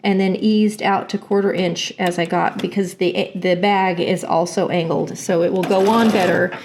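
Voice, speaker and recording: A woman's voice: lowish voice, steady tone, moderate pace, noisy background. A woman hosting a casual sewing tutorial from her home sewing room, chatty and self-deprecating, with plenty of fillers. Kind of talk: casual step-by-step sewing demonstration.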